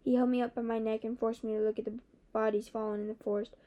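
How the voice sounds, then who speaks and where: Woman narrating a fantasy book, kinda high, warm mellow tone, steady. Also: quick pace. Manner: steady, even storytelling. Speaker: audiobook narrator. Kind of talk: first-person fantasy novel narration.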